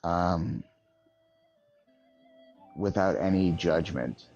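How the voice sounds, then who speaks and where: A man's voice: low-pitched, extremely slow, a little mellow. A man on a casual live stream, sarcastic and joking. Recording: dull lo-fi audio with faint music.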